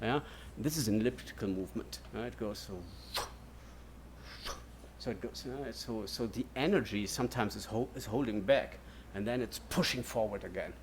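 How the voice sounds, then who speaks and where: A man's voice: lowish voice, moderate pace, background noise. A man giving an academic lecture in a digressive way, checking in with "yeah?" and "no?" as he goes. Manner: digressive, keeps asking "yeah?" and "no?".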